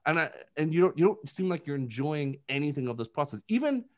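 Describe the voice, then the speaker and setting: A man's voice: on the high side, very animated. A man co-hosting a podcast, talking through a movie review in casual chat, rambling and full of filler words. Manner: rambling, heavy on filler words, jumps into quick impressions. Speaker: podcast co-host.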